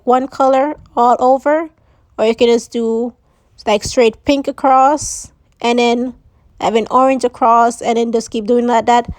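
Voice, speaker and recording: A woman's voice: a little high, darkish tone, no echo. A woman hosting a DIY craft tutorial, chatting casually and saying she is losing her voice. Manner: chatty, uses "like" and "so yeah". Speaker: DIY crafts channel host.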